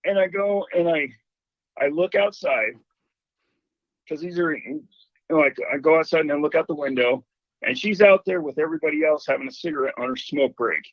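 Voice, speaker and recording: A man calling in to a show and telling a ghost story in an animated way, acting out the voices he quotes. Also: a little high, a little fast, no echo. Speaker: caller. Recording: dull phone line.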